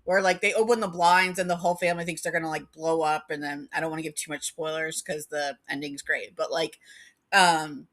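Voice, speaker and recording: Giggly rambling woman with a bright voice. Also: low-pitched, fairly even intonation, a little fast. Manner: rambling, giggly, heavy use of "like". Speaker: vlogger. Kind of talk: casual chat.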